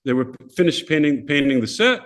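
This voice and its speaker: An older man's voice, on the high side and a little fast, carries his casual storytelling as a podcast guest. He animatedly acts out the voices of the people he talks about.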